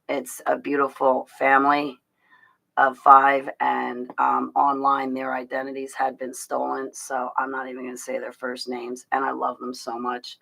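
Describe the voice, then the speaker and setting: A woman chats casually to her livestream viewers in a rough, gravelly voice. Her tone is bright and pushy, rambling and confiding, with frequent restarts and little laughs. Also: extremely low pitch, poor audio. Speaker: livestream host talking to her chat.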